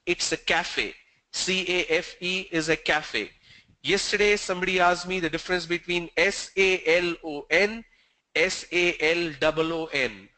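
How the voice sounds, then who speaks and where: Brief: man, pronunciation trainer, slightly high voice, sharp explanatory delivery. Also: rough recording. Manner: explanatory, slow stressed examples. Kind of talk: online training session.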